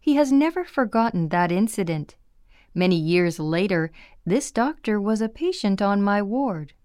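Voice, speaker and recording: A woman reading a first-person memoir aloud in a measured, plain storytelling manner. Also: mid-range voice, animated, darkish tone, clear, resonant tone, no echo, clean studio sound. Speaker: audiobook reader.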